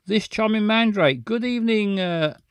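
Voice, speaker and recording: A man's voice: sits high, normal speed, heavy background noise. Rambling man hosting a live stream. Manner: rambling, greets viewers by name, self-correcting. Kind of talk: casual live-stream chat.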